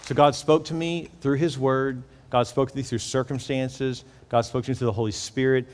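A man from Houston, Texas preaching a storytelling sermon as a pastor, animated and acting out the dialogue he quotes. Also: medium pitch, normal speed, some chatter behind, a little hiss or hum. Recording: long reverb of a large hall.

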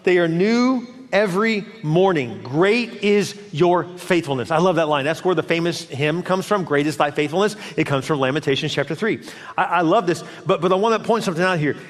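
Man, pastor, sermon, high voice, animated, acts out quotes, church hall reverb. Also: a little fast.

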